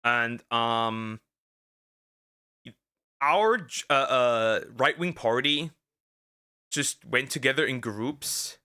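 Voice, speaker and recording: A man streaming as a vtuber, talking in casual react commentary, rambling and halting with lots of fillers and restarts and speaking out bluntly. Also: mid-range voice, expressive, sharp tone, clear, resonant tone. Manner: outspoken, ranting.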